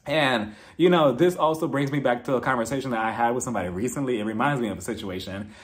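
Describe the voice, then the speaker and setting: A man's voice: medium pitch, fast talker. A man giving a casual, candid recap of a reality TV episode, chatty and outspoken, with frequent swearing and laughter. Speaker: reality TV reviewer.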